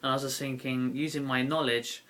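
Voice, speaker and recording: Bright-voiced young British man vlogging. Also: mid-range voice, flat delivery, fairly quick, slight background noise. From Britain. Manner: rambling, many fillers and self-corrections. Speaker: YouTube card game vlogger. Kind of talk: casual talking-to-camera vlog.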